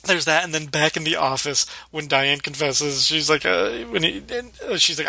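A man's voice: on the high side, moderate pace, creaky, hardly any pauses, pushed and bright, no echo. A man hosting a podcast in casual chat, laughing as he retells scenes. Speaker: podcast host.

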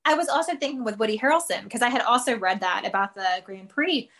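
A woman's voice: a little high, fast, a bit bright. A woman co-hosting a casual podcast, talking enthusiastically and conversationally about favorite sitcom scenes. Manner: enthusiastic, conversational, uses "like" a lot. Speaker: podcast co-host. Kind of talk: casual chat recapping a sitcom episode.

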